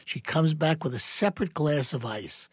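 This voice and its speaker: A man's voice: on the high side, expressive, normal speed, husky, no room sound, clean studio sound. A man from New York co-hosting a casual chat, telling stories with showy asides to the listeners. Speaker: podcast co-host.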